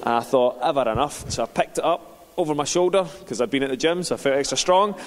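A man's voice: a little high, lively intonation, quick pace. A man preaching a sermon, telling stories in a conversational, self-deprecating way. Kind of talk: sermon with storytelling. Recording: reverberant hall.

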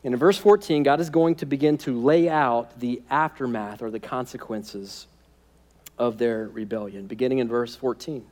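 A man's voice: mid-range voice, moderate pace, a little mellow. A man preaching a sermon as pastor, conversational and humorous, often checking in with "right?".

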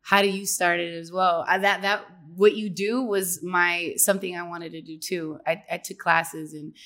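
A woman's voice: lowish voice, fairly even intonation, moderate pace, fairly bright tone. A woman actress as an interview guest, telling stories in a giggly, rambling way with frequent laughs. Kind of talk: casual interview chat.

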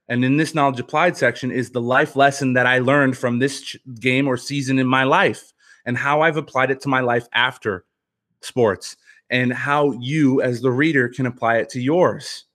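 A former pitcher turned author shares a personal story as a podcast guest, speaking earnestly and reflectively. He frequently restarts his sentences, and his voice sounds a bit bright.

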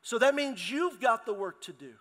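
Bright high-voiced pastor preaching. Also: male voice, moderate pace. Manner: lively storytelling, calls out to the congregation. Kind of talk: sermon. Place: large church hall. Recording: long hall reverb in a church.

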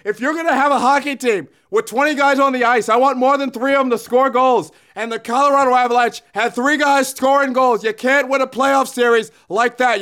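A loud-mouthed older hockey pundit holds forth in a very high, squeezed-up voice, as a man puts him on. He rants, bosses the listener around and hammers the same points again and again. It is a comedic sports commentary impression. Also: clear, resonant tone. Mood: grumbling. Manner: rants, bossy, repeats himself. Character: blustering older male hockey pundit, opinionated and ranting.

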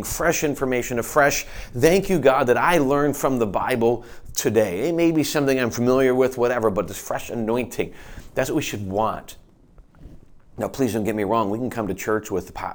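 A man preaching a sermon to his congregation, earnest and emphatic, restarting phrases as he goes. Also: lowish voice. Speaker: pastor.

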